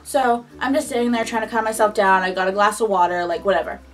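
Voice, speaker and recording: A young woman vlogger telling a first-job story in casual, animated chat, with lots of "like" between phrases. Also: mid-range voice, fast talker, recorded from a distance, faint music behind. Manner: chatty and animated, heavy on "like".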